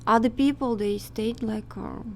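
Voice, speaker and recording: A woman who is not a native English speaker, recounting a flight in halting English with many pauses, as a guest in a casual talk. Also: a little high, a little mellow, a little hiss or hum. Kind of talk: casual chat.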